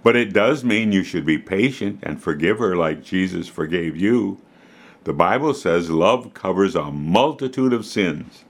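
A man voicing a patient mother giving calm advice, in a children's story reading. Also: low-pitched, a little slow, full character voice. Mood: gentle.

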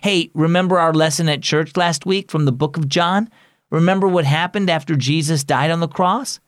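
A man's voice: a little high, normal speed, no room sound, studio quality, natural voice. A man doing an eager young boy. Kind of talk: storybook character voice.

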